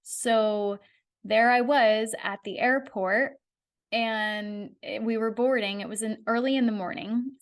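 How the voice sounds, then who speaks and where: A woman's voice: fairly high pitch, slow. A woman hosting a podcast, telling her own story in a candid, conversational way. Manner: candid, conversational, animated retelling. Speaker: podcast host. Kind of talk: personal storytelling monologue.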